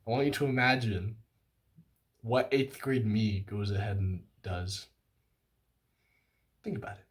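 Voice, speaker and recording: A man's voice: fairly low pitch, a little slow. A young man in his late teens or twenties telling a story, casual and self-mocking, with many fillers and some playful exaggeration. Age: young adult. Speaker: vlogger.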